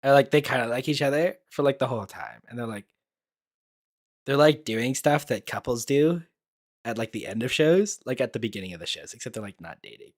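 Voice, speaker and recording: A man's voice: mid-range voice, animated, a little fast. A young man giving casual reaction commentary as an anime YouTuber, blunt and profane, rambling with lots of fillers.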